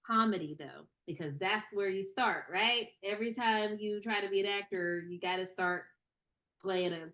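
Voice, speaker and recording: A woman's voice: medium pitch, moderate pace. Young woman talking animatedly. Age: young adult. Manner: animated, many fillers and repeated starts. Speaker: screenwriter and actor, interview guest. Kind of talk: casual interview conversation.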